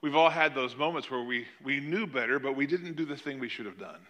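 A man preaching a sermon, retelling a Bible story with animated delivery and acting out the characters' lines. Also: mid-range voice, fairly quick. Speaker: pastor.

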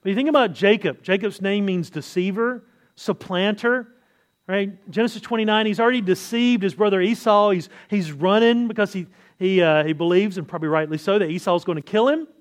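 A man's voice: high-pitched, brisk. A man preaching an expository sermon in a conversational way, asking rhetorical questions and often restarting his sentences.

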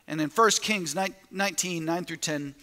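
A man preaching as lead pastor in a church sanctuary, tossing rhetorical questions to his congregation. His voice sits high and comes through bright and forceful. A long reverb trails his words through the hall. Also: moderate pace. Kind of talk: sermon.

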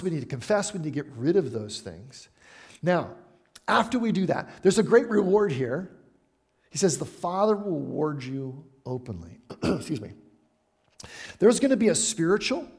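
A middle-aged man delivers a sermon in an easygoing, conversational way, tossing questions to the room. His voice sits a little high and swings widely in pitch as he preaches. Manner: animated, conversational preaching with asides to the congregation. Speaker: pastor.

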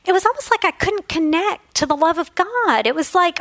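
Earnest high-voiced woman Bible teacher. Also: lively intonation, moderate pace, hardly any pauses, a bit bright, no echo, low-quality recording. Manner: earnest, emotional, storytelling. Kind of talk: devotional teaching talk.

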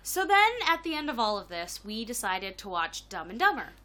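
A woman's voice: mid-range voice, sing-song, moderate pace, pushed and bright. A woman co-hosting a podcast, chatting casually about a movie, blunt and swearing freely. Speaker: podcast co-host. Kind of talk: casual movie review chat.

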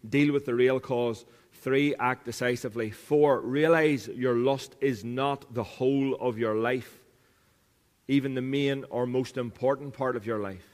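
Man, pastor, earnest sermon, repeats lines for emphasis, mid-pitched voice, long church reverb. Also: fairly even intonation, a little slow, darkish tone.

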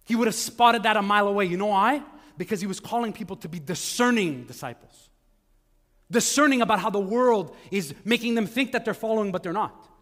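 High-voiced male pastor in a reverberant hall. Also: lively intonation, a little fast, a bit bright. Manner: conversational, acts out quoted voices. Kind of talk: sermon. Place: church sanctuary. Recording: long reverb of a large hall.

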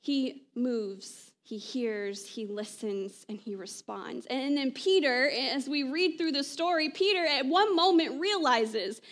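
Woman pastor giving a sermon, really high voice, chatty, lots of "right?", trails off soft at the ends. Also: slow, few pauses. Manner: conversational preaching, frequent "right?" asides.

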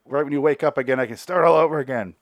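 A man's voice: medium pitch, racing, no room sound, pitched above the performer's own voice, lightly acted. A man voicing a brutal male ghost who makes threats in a slightly raised voice. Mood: menacing.

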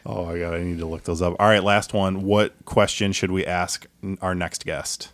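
A man's voice: low-pitched, steady tone, normal speed, a bit bright, no echo. A man hosting a casual podcast chat, laid-back and swearing freely as he moves through his questions. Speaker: podcast host.

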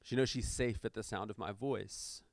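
A man's voice: on the low side, a little slow, creaky, no room sound, studio quality. A man preaching a conversational sermon, reading scripture aloud and stopping to explain it with casual asides and fillers. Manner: shifts between reading aloud and lively commentary. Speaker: pastor.

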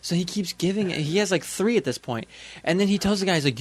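A man's voice: high-pitched, fast, slightly rough. A young man co-hosting a podcast, chatting casually and acting out the people in his stories. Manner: animated storyteller, acts out the people in his stories. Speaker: podcast co-host. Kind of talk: casual chat.

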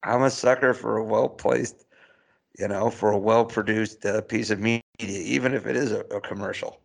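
A man chatting casually as a podcast co-host, halting and restarting his phrases with frequent chuckles. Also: on the low side, steady tone, creaky. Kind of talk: casual chat.

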